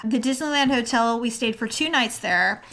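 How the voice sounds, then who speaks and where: A middle-aged woman with a somewhat high voice, co-hosting a relaxed podcast chat. She tells stories in an animated way and slips into the voices of the people she quotes. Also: moderate pace. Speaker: podcast co-host. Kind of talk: casual chat.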